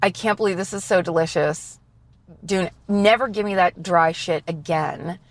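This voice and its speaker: A woman voicing an excited little kitten raving about delicious food. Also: lowish voice, normal speed, no echo. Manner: breathless, excited. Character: thrilled little kitten freaking out over food.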